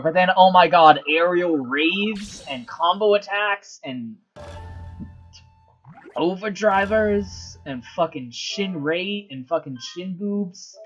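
Slow-talking woman gamer laughing helplessly. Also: on the low side, lo-fi sound, faint music behind. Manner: sarcastic, then helplessly laughing and squealing; swears casually. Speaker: video game let's player. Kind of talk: casual gameplay commentary.

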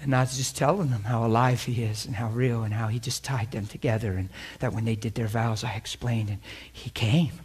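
A man preaching a sermon, telling a story with bursts of laughter and dropping to a hushed, reverent voice. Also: medium pitch, fairly quick, hardly any pauses. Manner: animated, laughs often, drops to a hushed tone for reverent parts.

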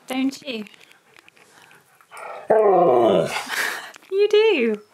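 A woman with a fairly high, dark-toned voice stretches out her words and swings her pitch dramatically. She makes dog videos and is playfully coaxing her dog through tricks during training, laughing often.

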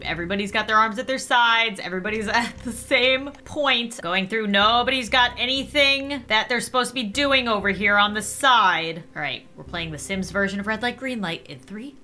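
A young woman giving excited game commentary, squealing and laughing as she reacts to the action. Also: on the high side, normal speed, hardly any pauses, faint music behind. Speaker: gaming YouTuber. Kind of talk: excited Let's Play commentary.

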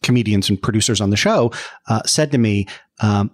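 A man who works as a lawyer for podcasts, a guest telling stories in an animated, self-deprecating way. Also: fairly low pitch, a little fast. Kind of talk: casual conversation.

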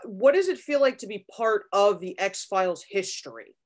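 Female fan-podcast host, middle-pitched voice, asks questions with occasional restarts. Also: lively intonation, moderate pace. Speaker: interviewer.

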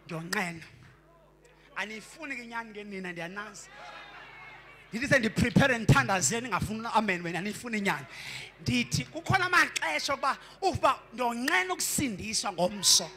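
Preaching with fervor in church, a man with a Xhosa accent uses a high-pitched, bright voice that is animated, brisk and forceful. He mixes English with isiXhosa and stammers and repeats as he builds toward his points.

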